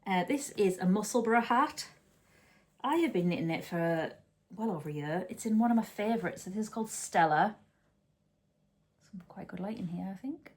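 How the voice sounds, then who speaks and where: A woman's voice: mid-range voice, expressive, normal speed, long pauses. A chatty woman talking at home as she hosts a knitting podcast. She rambles, restarts her sentences and corrects herself as she goes. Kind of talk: casual chat.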